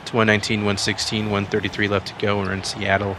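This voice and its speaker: A man's voice: fairly low pitch, completely flat delivery, fast, noisy background. A man casually commentating a basketball video game, rambling between calls and rising sharply on big plays.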